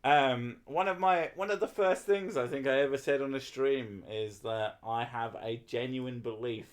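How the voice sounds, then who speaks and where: A man's voice: mid-range voice, moderate pace. A man chatting casually on a livestream, rambling and swearing while he talks to his viewers. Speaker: streamer.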